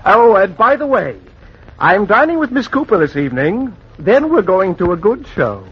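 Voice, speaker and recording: An actor playing a cocky theater critic and war correspondent, breezy and mocking, in 1940s radio acting. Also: male voice, high-pitched, big pitch swings, moderate pace, breathy edge, heavily acted. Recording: dull old radio recording.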